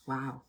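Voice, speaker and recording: A woman leading a self-help workshop in a casual motivational talk. She is animated, swinging between loud bursts and hushed, near-whispered lines.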